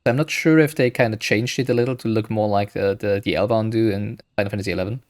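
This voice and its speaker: A man's voice: on the low side, fairly even intonation, quick pace. A man giving casual, rambling gameplay commentary, thinking aloud with frequent hesitations. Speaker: gaming streamer.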